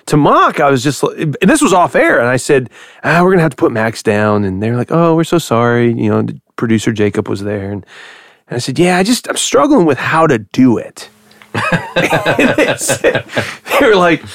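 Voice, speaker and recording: A man spinning a story in casual talk, his pitch swooping up and down as he goes. He laughs often and slips into other people's voices for quotes. The sound is dry and close. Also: big pitch swings, a little fast, a bit bright, no room sound. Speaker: radio host.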